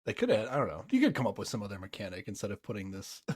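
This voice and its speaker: A man's voice: on the low side, huge pitch swings, very fast, a little mellow, slightly rough. A man co-hosting a podcast in casual chat, hedging often and sounding unsure of himself. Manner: hedging and unsure, many "I don't know"s. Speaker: podcast co-host.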